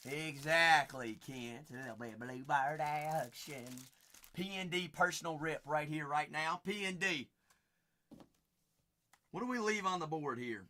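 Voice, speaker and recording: A man's voice: on the high side, a little slow, sharp tone. A young man with a Southern Kentucky twang, hosting a live card-break stream with folksy, hyped sales banter.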